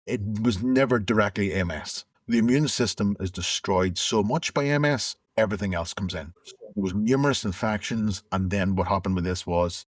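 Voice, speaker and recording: Middle-aged man, deep and husky, candid and reflective, dry close recording. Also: normal speed, dry recording. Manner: reflective, conversational, with restarts. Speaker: interview guest. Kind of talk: candid personal storytelling.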